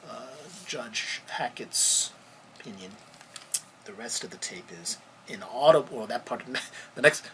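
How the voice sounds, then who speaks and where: A man, a lawyer hosting a podcast, telling a story in a halting, conversational way, often searching for words. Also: lowish voice, background noise.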